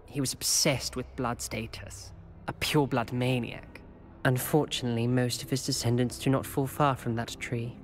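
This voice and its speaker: A man's voice: medium pitch, little pitch movement, moderate pace, a little hiss or hum, close to an everyday voice. An actor playing a polite, wry young male student at a wizarding school, speaking in a courteous, well-spoken way. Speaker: game character.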